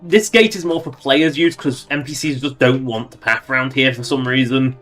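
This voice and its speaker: A man's voice: medium pitch, moderate pace, a bit bright, soft background music. A man casually commenting on a game he plays on a livestream, wry and chatty, laughing at his own jokes.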